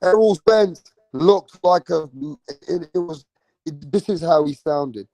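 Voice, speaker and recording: Man, live-stream host, slow, slightly high voice, dry close sound, excitable and repetitive. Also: no echo, low-quality recording. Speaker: livestream boxing host. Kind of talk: casual live-stream chat.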